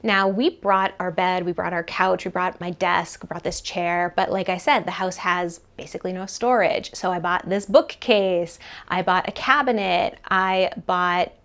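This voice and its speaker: A woman talking to camera about her money in an animated, chatty way, full of casual fillers. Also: on the low side, a little slow. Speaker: personal finance vlogger. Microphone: camera mic, leaning toward camera.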